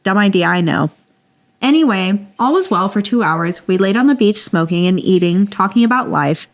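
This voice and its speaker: A woman's voice: mid-range voice, expressive, moderate pace. A woman with a mid-range voice reads a listener's story aloud on a podcast. Her reading is playful and dramatic, and she laughs easily between lines. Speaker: podcast co-host.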